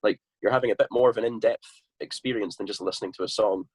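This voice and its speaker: A man's voice: lowish voice, quick pace, husky, dry recording. A young Scottish man chatting casually and bluntly as a podcast guest, swearing freely. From Scotland.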